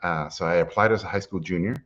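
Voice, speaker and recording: Low-voiced man telling his story. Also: fast talker, lo-fi sound. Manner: lively anecdotal, acts out quotes, frequent "uh". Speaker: animation guest speaker. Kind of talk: personal storytelling.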